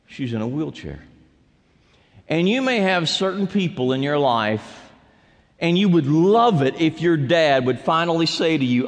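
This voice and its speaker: A man preaching a sermon as pastor, swinging between loud calls and quiet, low asides. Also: animated, normal speed. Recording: long hall reverb.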